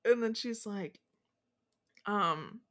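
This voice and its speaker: A woman's voice: medium pitch, drawn-out words, a bit bright. A woman hosting a podcast in casual chat, retelling a story with many fillers and frequent giggles. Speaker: podcast host.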